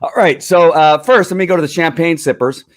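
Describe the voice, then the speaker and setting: A man's voice: on the high side, fairly quick, dry recording, studio quality. A man hosting a casual video call party, chatty and rambling, laughing often between his words. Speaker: host. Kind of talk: casual chat on a livestream party.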